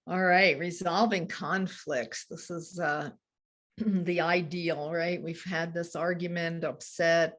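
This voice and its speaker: A woman coaching couples on handling conflict, explaining earnestly with soft laughs. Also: on the low side, steady tone, slow pace. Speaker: relationship coach. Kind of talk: teaching a couples workshop talk.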